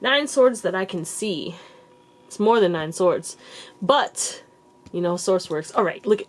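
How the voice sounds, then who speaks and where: Hosting her channel, this tarot reader offers viewers a relaxed pick-a-card reading in a medium-pitched, expressive voice that moves a little slowly. Her talk wanders, thick with likes and false starts, and she addresses everyone as baby or you guys.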